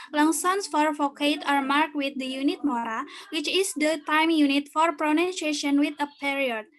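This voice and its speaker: High-voiced woman reading lecture notes. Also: fairly bright tone, poor audio. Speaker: student presenter. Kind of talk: reading a class presentation.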